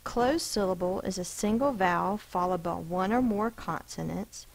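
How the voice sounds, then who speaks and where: A woman's voice: fairly low pitch, moderate pace, creaky, low-quality recording. A woman teacher giving a recorded spelling lesson, patiently explaining rules and sounding out each letter and syllable.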